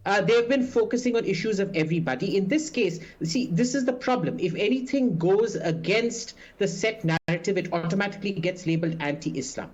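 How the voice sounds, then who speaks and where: A man's voice: sits high, animated, normal speed, muffled recording. A man speaking as a guest on a news panel, indignant and full of hesitant fillers. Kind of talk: remote TV debate commentary.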